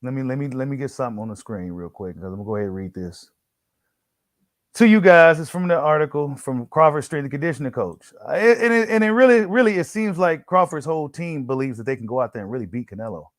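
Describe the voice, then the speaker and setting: A man's voice: medium pitch, expressive, quick pace, few pauses, dry recording, studio quality. A man hosting a casual boxing commentary, slangy and full of fillers, who repeats himself and reads an article aloud to his viewers. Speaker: boxing channel host.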